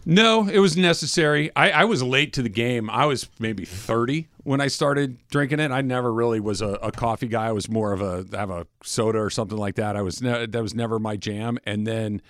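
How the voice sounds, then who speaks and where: A man co-hosting a sports radio show, spinning playful, animated stories and teasing his partners. His mid-range voice is dry and close on the microphone. He laughs through his own jokes. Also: mid-range voice, fairly quick, few pauses, no room sound. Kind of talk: casual studio banter.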